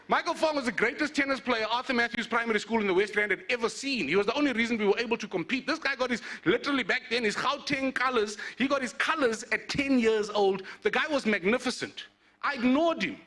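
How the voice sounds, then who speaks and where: A man with a South African accent giving a comic, animated motivational speech at an awards event. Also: extremely high pitch. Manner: animated storytelling.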